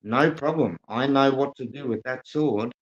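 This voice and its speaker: Australian man, friendly, hesitant, casual chat, dull lo-fi sound, mid pitch. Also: normal speed, a little hiss or hum. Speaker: coin channel host, guest on stream.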